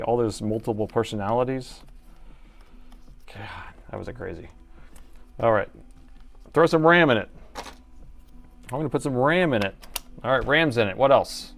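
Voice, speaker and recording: A man's voice: mid-range voice, creaky. A middle-aged man chatting through a live laptop repair, joking about himself as he works. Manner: chatty and self-mocking, talking while working. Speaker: repair technician streamer. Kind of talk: live repair stream commentary.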